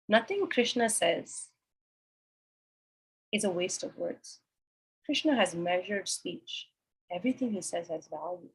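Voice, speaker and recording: A woman's voice: on the low side, expressive, measured pace, long pauses, breathy edge, rough recording. A woman teaching a scripture class, explaining a sacred text verse by verse and asking and answering her own questions.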